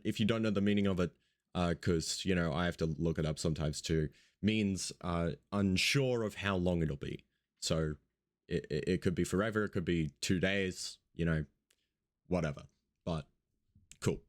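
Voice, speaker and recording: Casual male radio host, just woken up, rambling and swearing, low-pitched. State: just woke up, yawning. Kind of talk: casual radio show chat.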